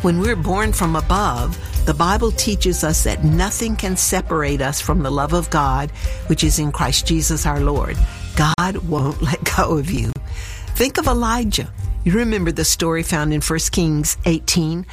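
A woman teaching a Bible story on a radio program, animated and storytelling. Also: fairly low pitch.

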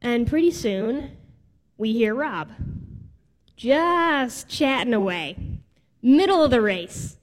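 A woman's voice: a little high, expressive, takes it slowly, pauses often. Heartfelt woman preaching in a reverberant hall. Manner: heartfelt, personal storytelling. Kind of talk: sermon storytelling. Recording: long reverb of a large hall.

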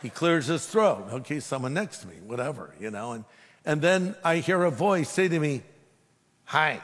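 A man's voice: on the high side, sing-song, moderate pace. A man who is a pastor, preaching a sermon with emphatic delivery and humorous storytelling. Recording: long hall reverb.

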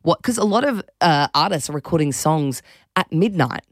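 A woman's voice: low voice, lively intonation, moderate pace, dry recording. Chatty woman, radio co-host, casual banter, dry booth sound. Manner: chatty, laughs often, many fillers.

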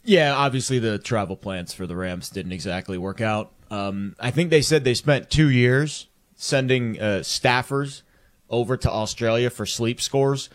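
A man's voice: mid-range voice, measured pace. A man co-hosting a sports talk show, rambling and joking while he hunts for words.

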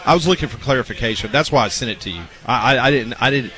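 A man hosting a sports radio show in casual on-air chat, reading out scores and stats in a measured way from a studio. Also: medium pitch, pushed and bright, a faint crowd.

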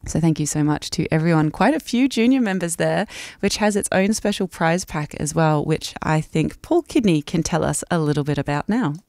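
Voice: medium pitch, expressive, moderate pace, darkish tone, no room sound, clean studio sound. A radio presenter chatting casually and enthusiastically between music tracks, with plenty of ums and uhs. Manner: chatty and enthusiastic, with many fillers. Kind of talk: community radio music show chat.

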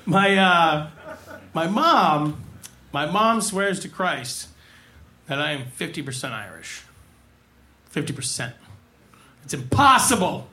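A man doing stand-up, setting up a joke slowly and deliberately. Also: on the high side, animated, sharp tone. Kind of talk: stand-up comedy.

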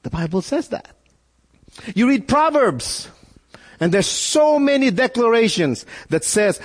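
A male pastor preaching a sermon, animated, with repeated phrases and rhetorical questions. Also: extremely high pitch, a little slow, long reverb tail.

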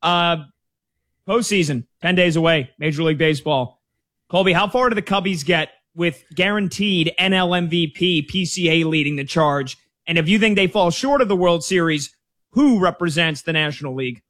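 Man, radio host, chummy banter, dry close sound, slightly high voice. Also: moderate pace, a bit bright, no room sound. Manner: breezy plugs and chummy banter. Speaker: radio sports betting show host. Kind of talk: radio show hosting.

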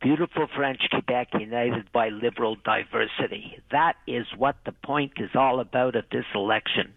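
A man's voice: mid-range voice, moderate pace, creaky, no echo. A man calling in to a radio show, insistent and talking over the host. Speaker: caller. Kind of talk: call-in radio chat. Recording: muffled phone line.

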